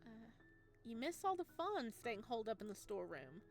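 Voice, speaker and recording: A woman's voice: mid-range voice, sing-song, fairly quick, soft background music. A woman playing a visual novel and reading its text and lines aloud, playful. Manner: playful, does all the voices. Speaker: let's play streamer.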